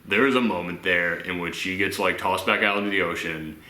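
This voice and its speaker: A man talks through a movie in a loose, rambling way, slipping into silly voices to act out scenes. His voice is on the low side but bright and edgy. The room around him is echoey. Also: a little fast. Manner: rambling, animated, acts out quotes in silly voices. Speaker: movie reaction host. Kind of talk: casual movie discussion.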